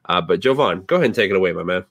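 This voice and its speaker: A man co-hosting a casual wrestling podcast in a relaxed way, steering between segments. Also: low-pitched, very fast, no echo. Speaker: podcast co-host.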